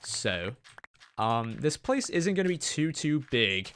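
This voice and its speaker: A young man from Tennessee with a Southern accent hosts a gaming channel, rambling and joking at his own expense during Let's Play commentary while he has a sore throat. His mid-range voice is very animated yet slow-paced, with background noise in the recording.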